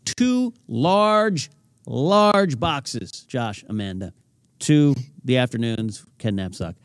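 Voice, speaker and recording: A man co-hosts a loose, joking chat show, his pitch swinging up and down as he tells self-mocking stories. The sound is close and dry, with no room in it. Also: takes it slowly, clear, resonant tone, no echo. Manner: animated, self-mocking storytelling. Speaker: podcast co-host. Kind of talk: casual chat.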